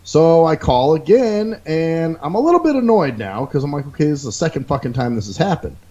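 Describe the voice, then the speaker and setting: A man's voice: fairly high pitch, a little fast, dull audio. A man hosting a podcast, telling a long profane rant in casual chat and acting out the people he quotes. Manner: animated storytelling, mimics people he quotes. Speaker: podcast host.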